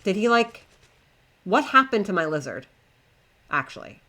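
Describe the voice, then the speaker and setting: A woman's voice: mid-range voice, sing-song, unhurried, bright, forceful tone. A young woman streaming a game live, chatting to herself and her in-game pets in a flustered, talkative way. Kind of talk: live gameplay commentary.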